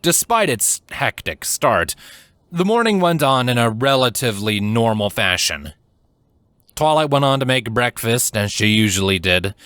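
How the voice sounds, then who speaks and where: A man reading fan fiction aloud as scripted narration, measured and steady. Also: medium pitch, no room sound, clean studio sound. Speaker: fanfiction reader.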